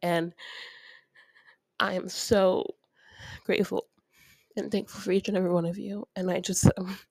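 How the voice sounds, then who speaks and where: A woman hosting a podcast, speaking softly and earnestly through tears, sniffling, with small nervous laughs and a heartfelt spoken prayer. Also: mid-range voice, level tone, moderate pace, gravelly, slightly rough, no echo. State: tearful, sniffling. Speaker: podcast host.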